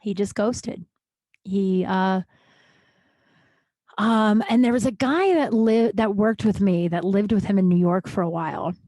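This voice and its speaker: On her podcast, a Colorado woman in her thirties recounts a personal story, swearing freely and poking fun at herself with candor. Her mid-range voice is dark in tone and a little slow, with long pauses, in a dry recording.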